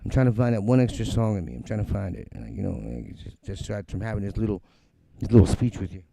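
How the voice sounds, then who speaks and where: A middle-aged man talks loosely and profanely on his music livestream, blunt and animated as he mocks other people's takes. His voice is deep-toned and heavily gravelly with lots of fry. The sound is close and dry, with little room around it. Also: fast, no room sound. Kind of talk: casual live-stream rant. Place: home studio.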